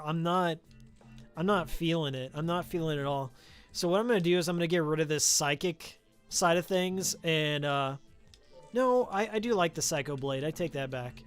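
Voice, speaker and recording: A man with a fairly high, clear and resonant voice chats casually at a moderate pace while streaming a game, wandering off into tangents about old games. He's on a studio microphone with a pop filter, and faint music plays behind him.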